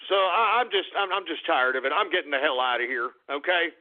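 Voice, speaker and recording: A man's voice: a little high, expressive, brisk. A male talk radio host signing off in an exasperated, swearing rant. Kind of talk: ranting talk radio sign-off. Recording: lo-fi phone-line audio.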